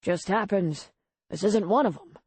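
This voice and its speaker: A woman voicing a steady, plainspoken small-town bar owner in an audiobook. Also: mid-range voice, unhurried, husky, dry recording. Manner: calm, matter-of-fact.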